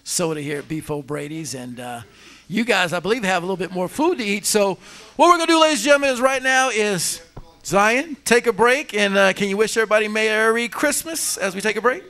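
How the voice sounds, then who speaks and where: A man hosting a live trivia quiz in a restaurant, reading out answer choices slowly and bantering with the audience. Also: high voice, animated, pushed and bright. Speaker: trivia show host. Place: restaurant event.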